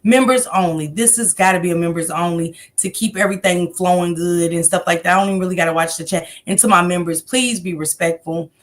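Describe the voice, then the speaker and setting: A woman's voice: on the low side, fast, few pauses. A woman hosting a casual livestream, greeting viewers by name and rambling loosely between comments. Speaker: livestream host.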